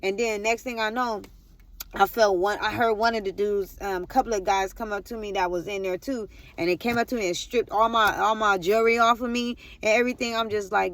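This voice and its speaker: A woman's voice: mid-range voice, brisk, fairly bright tone, no room sound. Woman vlogger, rambling testimony storyteller who addresses the audience directly. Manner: rambling, repeats "I'm like", talks straight to viewers.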